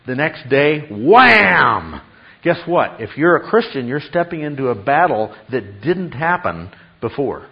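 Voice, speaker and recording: A man's voice: mid-range voice, animated, normal speed, hardly any pauses, muffled recording. A man preaching a sermon, stressing his points through repetition and questions to the congregation. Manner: emphatic, repeats key phrases, asks the congregation questions. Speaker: pastor.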